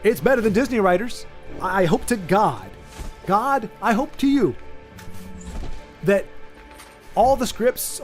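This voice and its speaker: A man hosting a casual chat, rambling and restarting his sentences as he talks through an idea. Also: sits high. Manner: rambling, many restarts and repeated words. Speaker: streamer host.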